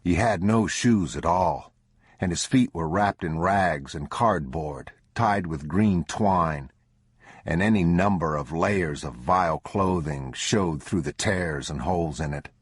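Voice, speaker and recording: Male audiobook narrator, very low voice, husky, unhurried, dry close sound. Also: no room sound. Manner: low measured grim delivery. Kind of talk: scripted narration.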